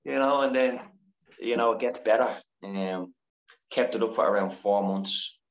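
A man with a deep, low voice tells a candid personal story as a podcast guest. He is earnest and emotional, swears freely and trips over his own sentences. The sound is roomy and echoey. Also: unhurried. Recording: echoey room.

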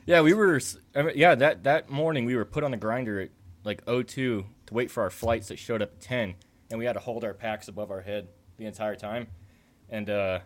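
A young man in the middle of his range chats loosely about his service. He jokes and swears, and he talks in a relaxed, matter-of-fact way. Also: medium pitch. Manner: joking, swearing, quick reactions. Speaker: podcast co-host, military veteran. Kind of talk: casual storytelling chat.

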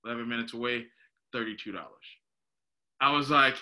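Bright-voiced young man telling a story. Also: mid-range voice, brisk, long pauses. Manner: animated, laughing, says "dude" and "bro". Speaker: podcast co-host. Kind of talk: casual storytelling chat.

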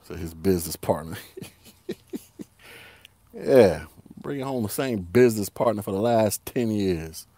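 Animated slangy man ranting on a podcast. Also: lowish voice, unhurried, pauses often, no echo. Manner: animated, slangy, laughs often, repeats himself. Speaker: podcast host. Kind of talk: casual solo podcast rant.

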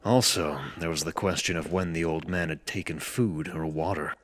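A man narrating a scripted story in a measured, even way. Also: rumbling low, slight background noise.

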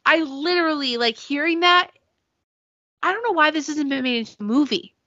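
A woman's voice: high-pitched, expressive, fairly quick, sharp tone, dry recording. A woman co-hosting a podcast in casual chat, saying "like" a lot, on a dull lo-fi recording. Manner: chatty, lots of "like", laughs. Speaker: podcast co-host. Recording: dull lo-fi sound.

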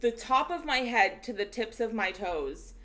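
A young woman co-hosting a casual podcast, gushing and excitable, swearing freely. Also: fairly high pitch, unhurried. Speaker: podcast co-host. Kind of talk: casual chat.

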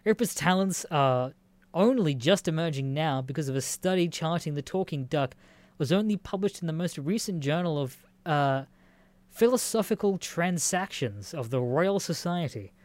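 A man's voice: on the high side, lively intonation, normal speed, dry recording. A young Australian man hosting a casual solo podcast, reading news aloud and reacting with swearing and frequent laughter. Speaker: podcast host.

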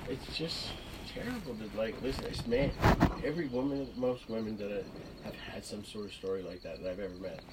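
A man's voice: on the low side, brisk. Rambling swearing man, far off. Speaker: interviewee. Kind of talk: casual storytelling. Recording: distant mic with loud noise.

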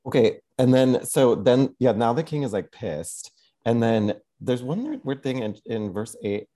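A man co-hosting a podcast, retelling a story in a loose, animated way with crude jokes. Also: mid-range voice, a little slow. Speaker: podcast co-host. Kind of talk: casual podcast chat.

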